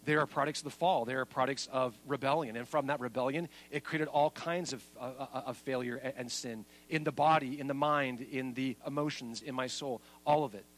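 A man preaching a sermon as pastor, making points with lively emphasis. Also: a little fast, few pauses, low-quality recording. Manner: lively and emphatic, then soft and low at the close.

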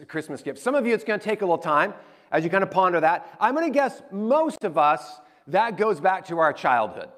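A pastor in his forties with a high-pitched voice delivers a sermon in a chatty, animated storytelling way. He acts out the quotes as he talks.

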